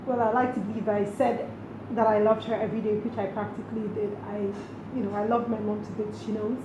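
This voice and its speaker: A woman's voice: medium pitch, level tone, quick pace, lo-fi sound. A middle-aged woman from Nigeria, answering interview questions earnestly and reflectively. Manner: earnest, speaks directly to late mother. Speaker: interview guest. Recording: roomy with clear background noise.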